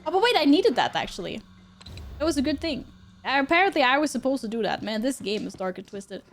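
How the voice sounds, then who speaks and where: High-voiced woman streamer swearing through gameplay. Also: big pitch swings, quick pace, a little hiss or hum. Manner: reactive, swears and exclaims often. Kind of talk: live gameplay commentary.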